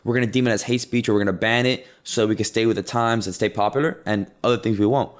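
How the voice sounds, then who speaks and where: A man's voice: lowish voice, steady tone, quick pace. A man co-hosting a casual talk show, speaking emphatically and reading out news headlines. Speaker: podcast co-host. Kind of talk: casual chat.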